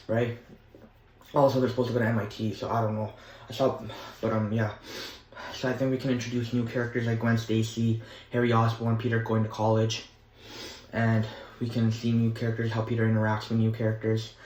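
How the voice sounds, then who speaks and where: A young man in casual vlog chat, rambling eagerly from thought to thought and leaning on filler words. His voice sits at an ordinary middle pitch. The sound rings around an echoey room. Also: a little hiss or hum. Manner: rambling and enthusiastic, with many fillers. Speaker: vlogger.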